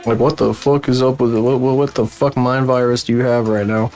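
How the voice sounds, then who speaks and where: A man with the flu chats loosely on his livestream, swearing often and ranting in disbelief. His voice sits in an ordinary middle pitch. Faint music plays underneath. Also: flat delivery, fairly quick, darkish tone. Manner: profane, rambling, incredulous rants. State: sick with flu. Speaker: streamer. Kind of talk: casual livestream chat.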